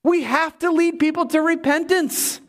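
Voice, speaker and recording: Man, pastor preaching a sermon, high-pitched voice, emphatic, lively, humorous asides. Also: normal speed.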